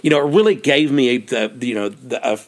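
An American man telling a personal story for his podcast, animated and laughing often as he repeats himself. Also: mid-range voice, fairly quick.

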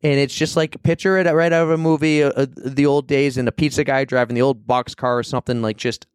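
A man telling a long, animated story as a podcast guest, acting out the people in it. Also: mid-range voice, fast talker, clean tone, no echo, studio quality. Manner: animated, rambling, acts out quoted people. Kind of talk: casual storytelling chat.

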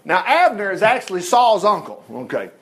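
Lively, animated man teaching scripture. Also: high voice, moderate pace. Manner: animated storytelling, acts out voices, jokes and chuckles. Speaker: Bible teacher. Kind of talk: informal Bible lesson.

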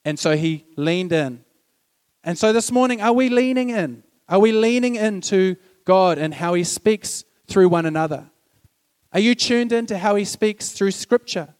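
A man with a high, light voice preaching a sermon in a conversational, storytelling way. He acts out snippets of dialogue and throws questions to the congregation. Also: animated, unhurried, darkish tone, smooth.

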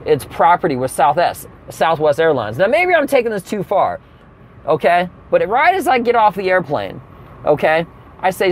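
A young adult man telling a comedic story, animated and profane, with sudden exaggerated outbursts. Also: high-pitched, moderate pace.

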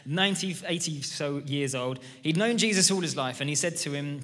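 Bright-voiced preacher in a ringing hall. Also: male voice, on the high side, moderate pace, hardly any pauses. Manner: enthusiastic, conversational, storytelling. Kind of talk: sermon. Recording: reverberant church hall.

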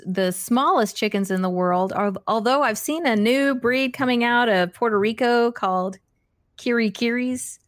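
A woman's voice: medium pitch, dry recording, studio quality. A woman hosting a live stream, answering chat questions in a casual, chatty way, laughing often and restarting her sentences. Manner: chatty, giggly, self-deprecating, many fillers and restarts.

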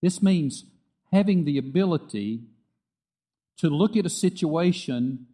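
Mellow-voiced male pastor preaching. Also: fairly high pitch. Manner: earnest, repeats phrases, drops soft for quoted dialogue. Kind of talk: sermon.

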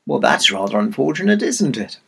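A man's voice: medium pitch, very animated, a little fast, vocal fry, fairly bright tone, a little hiss or hum, heavily acted. A man voicing a sly male fox who talks in a silky, mock-polite way.

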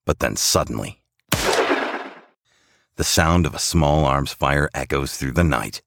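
Very deep, gravelly male storyteller. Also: animated, measured pace, fairly bright tone, dry recording, clean studio sound. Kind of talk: dramatic story narration.

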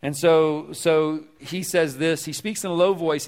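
A man's voice: on the high side, fairly even intonation, unhurried, hardly any pauses, darkish tone, smooth. A man preaching a sermon as pastor, talking conversationally, repeating words as he goes and asking the congregation questions. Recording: long hall reverb.

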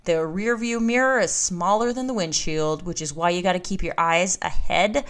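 A woman's voice: on the low side, normal speed. Candid, emphatic woman podcast host. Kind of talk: personal podcast monologue. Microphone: podcast microphone.

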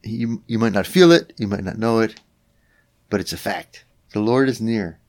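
A man's voice: on the low side, moderate pace. A man preaching a sermon in an earnest way, often repeating phrases and turning to address the Lord directly. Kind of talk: spoken sermon.

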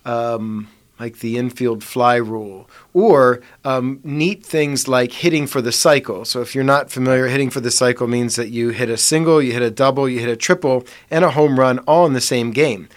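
A man's voice: medium pitch, normal speed, few pauses. A man co-hosting a casual chat, thoughtful and affirming, drawing analogies. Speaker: podcast co-host.

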